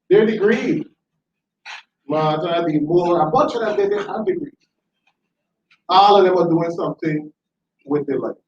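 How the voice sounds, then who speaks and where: A man telling animated, laughing anecdotes in a tribute speech. He often repeats himself as he talks. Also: fairly high pitch, slight background noise. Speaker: tribute speaker, former school educator. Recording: roomy, distant, dull hall recording.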